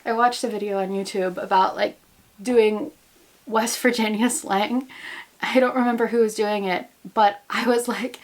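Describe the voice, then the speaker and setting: Young american woman, casual vlog chat, rambling, goofy, self-mocking, slightly high voice, indoors at home. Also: little pitch movement, measured pace. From United States. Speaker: vlogger, grad student.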